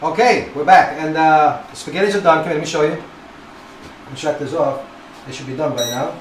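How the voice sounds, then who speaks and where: A man's voice: a little high, normal speed, background noise. A man from Naples with an Italian accent, casually demonstrating a home cooking recipe and chatting as he works. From Naples, Italy. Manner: chatty, loose, cheerful asides. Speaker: home cooking show host. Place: home kitchen. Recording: roomy kitchen, mic far off, loud music.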